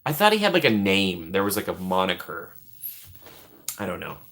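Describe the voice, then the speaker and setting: A man hosting a live stream, rambling casually and joking as he thinks out loud while reading the chat. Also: low voice, huge pitch swings, normal speed.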